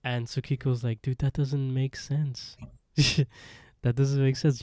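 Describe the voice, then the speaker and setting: Laid-back man with a mellow, dry voice. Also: mid-range voice, dry recording. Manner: animated retelling, acts out lines in quick voices. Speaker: podcast co-host. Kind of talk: casual recap of a horror episode.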